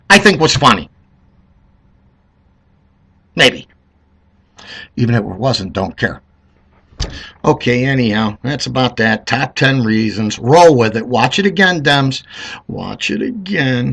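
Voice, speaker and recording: Husky, animated middle-aged man ranting. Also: medium pitch, a little slow, pauses often. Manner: animated, mocking, swings between loud and mumbled. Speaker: political vlogger. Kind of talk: sarcastic comic rant.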